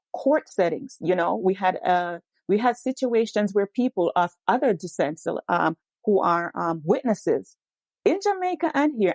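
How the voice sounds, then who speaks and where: Woman, earnest guest, mellow tone, dry sound. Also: fairly low pitch, no room sound. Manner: earnest and emphatic, frequent "yes". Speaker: podcast guest, educator. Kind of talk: earnest discussion.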